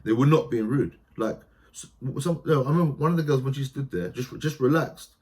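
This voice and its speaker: A man, a theatre practitioner talking as a podcast guest, animated and storytelling, often breaking into quoted voices and restarting his sentences. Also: mid-range voice, a little fast. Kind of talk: conversational podcast interview.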